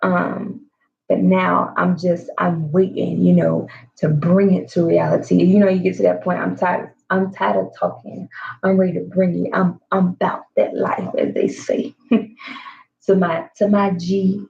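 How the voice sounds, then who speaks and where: Vlogger, female, low gravelly voice, slow and reflective personal monologue, lo-fi sound. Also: animated. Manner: slow, reflective, with frequent fillers and soft laughs.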